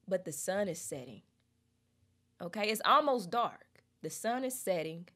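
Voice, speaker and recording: A young woman, chatting expressively in a casual lyric breakdown and reading lyrics aloud slowly. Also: medium pitch, lively intonation, sharp tone. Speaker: music reaction host.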